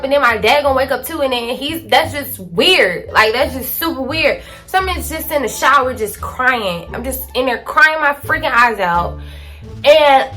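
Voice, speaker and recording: Teen woman vlogger, bright and forceful voice, pitched a little high, dramatic casual storytelling into a phone. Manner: dramatic, animated storytelling with slang. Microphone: phone camera.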